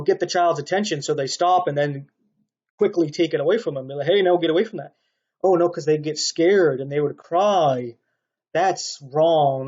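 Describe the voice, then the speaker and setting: Preacher, male, rambling stern sermon, husky fairly high voice, dull lo-fi recording. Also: a little mellow. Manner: rambling, stern and insistent, with rhetorical "right?" asides. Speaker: online preacher. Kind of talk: spoken sermon monologue.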